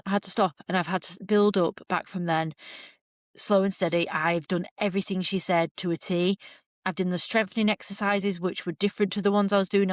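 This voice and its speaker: A British woman chats through a personal story on her podcast, lively and unguarded, slipping into the voices of the people she quotes. Her voice sits at an ordinary middle pitch for a woman. It sounds close and dry, with almost no room around it. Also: dry recording. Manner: chatty, animated, acts out quoted remarks. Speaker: podcast host. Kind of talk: casual storytelling monologue.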